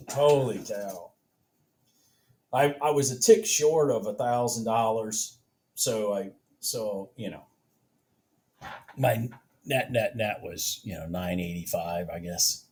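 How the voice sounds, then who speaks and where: A man trading futures live at his desk, excitable, repeating himself and cheering the market on, out of breath. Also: lowish voice, slow pace, long pauses, breathy edge. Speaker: futures trader vlogging his trades. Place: home office.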